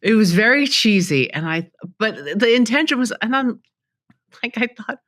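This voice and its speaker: Woman guest, middle-aged, animated storyteller, crisp dry close voice. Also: on the high side, moderate pace, no echo. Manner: chatty, animated storytelling, laughs easily. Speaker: talk show guest. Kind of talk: casual interview chat.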